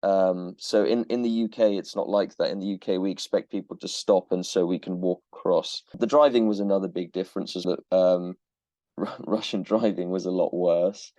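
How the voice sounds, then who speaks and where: Brief: man from Cornwall, low voice, mellow tone, thoughtful interview guest. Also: fairly even intonation, moderate pace, no echo. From Cornwall, England. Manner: thoughtful, with frequent restarts and soft laughs. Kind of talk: casual interview answers.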